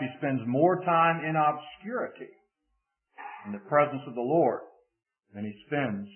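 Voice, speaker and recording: A man preaching a sermon, lingering on single words for dramatic emphasis and reading scripture aloud. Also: on the high side. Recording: tinny phone-like recording.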